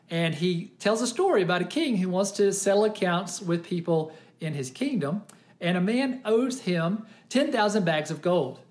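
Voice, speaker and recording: A pastor preaching a sermon and retelling a parable with lively, exclaiming storytelling. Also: medium pitch. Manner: animated storytelling, often exclaiming.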